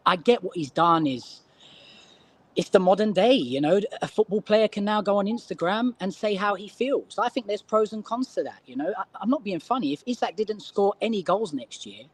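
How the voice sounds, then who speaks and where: High-voiced man making emphatic football points. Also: husky, dry recording. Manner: emphatic, reasoning aloud, says "you know" often. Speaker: football fan pundit. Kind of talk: casual football debate.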